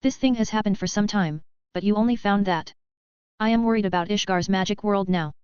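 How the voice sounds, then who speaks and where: A calm, mature young mage, as a woman narrator reads him in a very smooth, clean voice. The delivery stays even and unhurried. The sound is dry and a little dull, like a lo-fi recording. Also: medium pitch, no room sound, close to an everyday voice.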